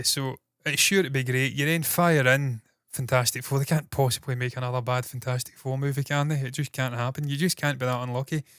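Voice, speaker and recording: A man's voice: mid-range voice, fairly bright tone, smooth, no room sound, clean studio sound. A man hosting a casual solo entertainment news livestream, rambling and swearing freely as he chats to viewers. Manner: rambling, profane and self-deprecating.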